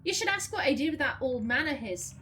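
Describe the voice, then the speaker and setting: A woman's voice: sits high, expressive, fairly quick, sharp tone, faint music behind. A woman voicing a fierce female soul trapped in an elf's body, speaking bluntly and defiantly in a broad Lancashire accent.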